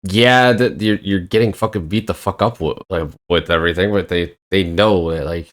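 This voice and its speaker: A man's voice: low voice, normal speed. A man hosting a casual talk with laid-back, short remarks. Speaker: host. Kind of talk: casual chat.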